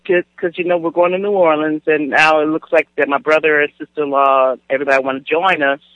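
High-voiced man bantering as co-host. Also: bright, forceful tone, no room sound, poor audio. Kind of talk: casual chat.

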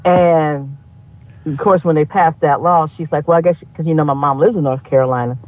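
A man co-hosting a podcast in casual chat, animated and profane, laughing often. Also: a little high, brisk, phone-quality sound. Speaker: podcast co-host.

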